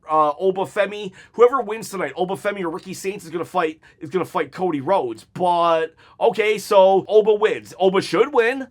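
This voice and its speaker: A man's voice: high-pitched, fairly bright tone. Fired-up man ranting about wrestling. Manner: heated, exasperated, sarcastic mock voices. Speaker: wrestling commentary YouTuber. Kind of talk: ranting hot-take commentary.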